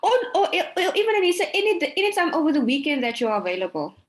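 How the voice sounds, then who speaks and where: A woman's voice: very high-pitched, very animated, fast talker. A woman speaking politely on a video call, hesitant, stumbling and laughing as she asks questions. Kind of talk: casual chat before an online session.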